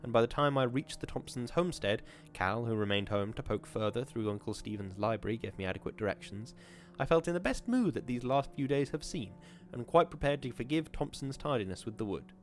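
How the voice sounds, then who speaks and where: A man and podcast host reading a classic horror short story aloud in a measured, formal narrating voice. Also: mid-range voice, animated, soft background music.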